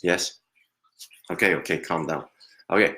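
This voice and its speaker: Low-voiced man giving a halting reading. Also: bright, forceful tone. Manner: hesitant, halting, often laughs. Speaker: psychic medium. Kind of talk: live reading.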